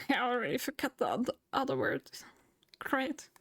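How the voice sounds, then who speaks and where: A woman streaming live, chatting, thinking aloud and getting excited. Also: a little high, moderate pace, breathy edge. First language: German. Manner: excitable, talks to herself while thinking. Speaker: VTuber streamer. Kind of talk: live game stream chat.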